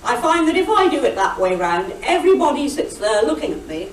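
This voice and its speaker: Older woman, brisk witty storyteller, high lively voice, roomy distant hall sound with faint hiss. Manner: brisk, witty storyteller, mimics shouted quotes. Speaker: guest speaker. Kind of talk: anecdotal after-dinner talk. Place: meeting hall. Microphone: recorded over a video call. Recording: echoey hall, distant, faint hiss, over video call.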